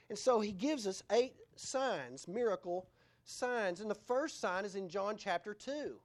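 A woman preaching a sermon in church, moving between loud, emphatic declarations and hushed, quiet asides. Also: medium pitch.

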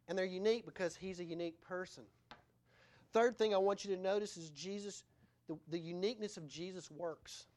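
A woman preaching a sermon in church, moving between loud, emphatic declarations and hushed, quiet asides. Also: lowish voice, a little fast.

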